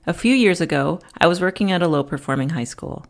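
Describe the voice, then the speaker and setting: A woman's voice: fairly low pitch, fast, gravelly. A middle-aged woman teacher giving an instructional talk, telling classroom stories with acted-out quotes. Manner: lively anecdotes with acted-out quotes.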